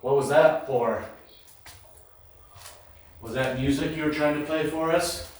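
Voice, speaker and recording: Calm man calling out in echoey halls. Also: fairly high pitch. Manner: calm, questioning, talks slowly to the unseen. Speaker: paranormal investigator host. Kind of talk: calling out to spirits during a ghost hunt. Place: large abandoned hospital, indoors. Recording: echoey empty building, faint noise.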